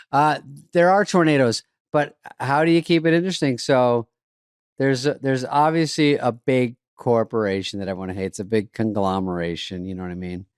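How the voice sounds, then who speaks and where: A man's voice: medium pitch, no echo, studio quality. A man co-hosting a podcast, trading sarcastic, rambling comic riffs in casual chat. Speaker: podcast co-host.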